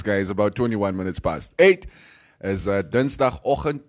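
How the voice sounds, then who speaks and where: Namibian guy hosting morning radio, lowish voice, jokey, laughs a lot, slips in afrikaans. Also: expressive, a little slow. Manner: jokey, laughs often, mixes in Afrikaans words. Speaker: radio morning show host. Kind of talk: casual radio banter. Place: radio studio.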